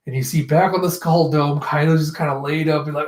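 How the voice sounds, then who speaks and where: Animated man retelling a comic chapter. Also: fairly high pitch, brisk, hardly any pauses. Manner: animated retelling in second person. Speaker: comic reviewer. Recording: echoey room.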